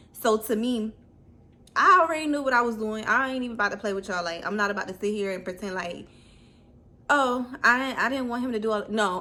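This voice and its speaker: A woman's voice: lowish voice, sharp tone. A woman vlogger telling a personal story in a casual storytime video, blunt and candid.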